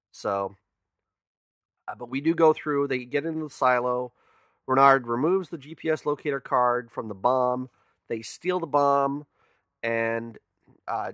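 A man's voice: mid-range voice, a bit bright, no echo, clean studio sound. Chatty man recapping a film. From California. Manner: chatty, rambling recaps with frequent restarts. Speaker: podcast co-host. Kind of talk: casual movie-review chat.

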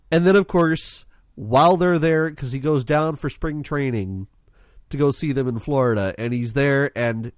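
A man on a podcast telling stories in a lively, animated way and swearing freely in a casual movie chat. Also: mid-range voice, moderate pace, dry recording, clean studio sound. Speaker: podcast co-host.

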